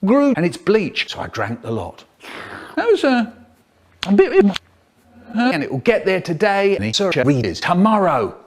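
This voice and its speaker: A man imitates an elderly poet spinning absurd childhood stories. The voice leaps high and low on a slightly raised pitch. He rambles from one nonsense anecdote to the next. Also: huge pitch swings, measured pace, slight background noise, heavily acted. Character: impression of an elderly male children's poet, storyteller. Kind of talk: parody storytelling.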